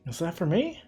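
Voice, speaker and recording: A man's voice: high-pitched, warm tone, voice pushed up, heavily acted. A man voicing a nerdy, sad businessman from a farming game, speaking politely. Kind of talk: voicing a game character while streaming.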